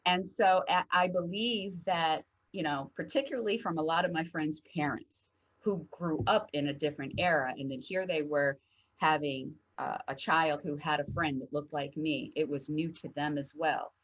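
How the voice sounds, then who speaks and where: A woman co-hosting a heartfelt discussion show, telling stories in an animated way and acting out quotes. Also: deep voice, moderate pace, lo-fi sound. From northern United States. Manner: animated storyteller, acts out quotes. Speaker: co-host.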